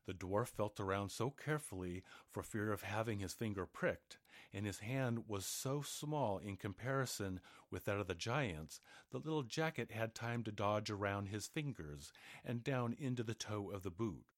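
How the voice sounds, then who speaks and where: A man reads a fairy tale aloud in an expressive storybook manner. His voice sits low, yet it rises and falls widely through each sentence, and the recording is close and dry. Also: moderate pace, dry recording. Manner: expressive, animated. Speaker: narrator. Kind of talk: storybook reading.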